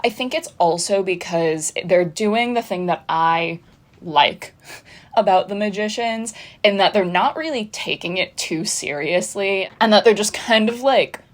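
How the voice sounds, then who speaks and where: A woman in her twenties recapping a TV season in a chatty, animated way with sarcastic asides. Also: medium pitch, measured pace. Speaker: pop culture vlogger. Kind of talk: casual TV recap.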